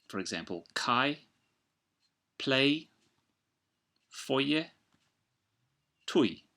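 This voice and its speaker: A man giving a patient pronunciation lesson, slowing down to spell out each sound and example word. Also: lowish voice, pushed and bright. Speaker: language teacher. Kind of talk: instructional narration.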